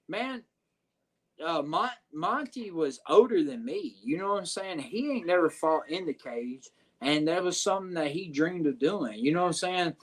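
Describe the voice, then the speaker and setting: Guy guesting on a podcast, cussing his way through a story, kinda high voice. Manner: profane, animated retelling with lots of filler phrases. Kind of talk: casual storytelling.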